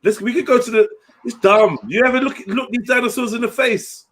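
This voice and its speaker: A man's voice: very high voice, steady tone, fairly quick, a little hiss or hum. A young man hosting a livestream, joking, swearing and laughing in slangy casual banter. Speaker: livestream host.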